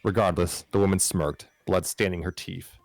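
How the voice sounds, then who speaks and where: A man's voice: sits low, fairly even intonation, normal speed, vocal fry, no echo. A man hosting a live stream, reading a fan story aloud with frequent stumbles, restarts and wry asides.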